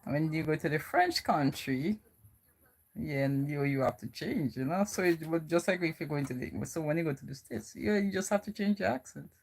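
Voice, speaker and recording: Low, gravelly and a touch mellow, this young woman's voice stays animated at an ordinary pace. She's a vlogger from the Virgin Islands with the local accent, rambling through a casual chat full of "you know".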